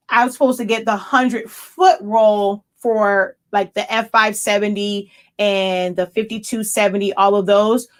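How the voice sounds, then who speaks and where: High-voiced middle-aged woman chatting while she works on a craft demo, thinks out loud, keeps restarting her sentences. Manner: chatty, thinks aloud, self-corrects mid-sentence. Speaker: small business owner demonstrating sublimation printing. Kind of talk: casual live demo while working.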